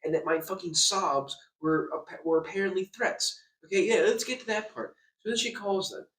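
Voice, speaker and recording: A man's voice: high-pitched, steady tone, moderate pace, fairly bright tone. A young man in a hotel room telling an angry storytime rant, stammering, repeating words and swearing a lot. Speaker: vlogger. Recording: echoey room, distant mic.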